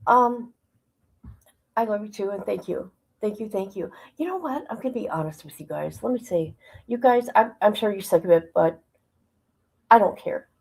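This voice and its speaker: Gravelly, emotional woman livestreaming. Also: mid-range voice, lively intonation, normal speed, low-quality recording. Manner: rambling, emotional, talks to chat. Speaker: livestream host. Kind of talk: casual livestream chat. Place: at home. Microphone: phone.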